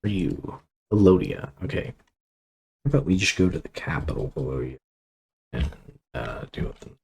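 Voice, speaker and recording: A man's voice: deep voice, very animated, normal speed, vocal fry, husky, poor audio. A man casually commenting on his strategy game as he plays, thinking aloud and rambling with fillers and asides. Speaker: gameplay commentator.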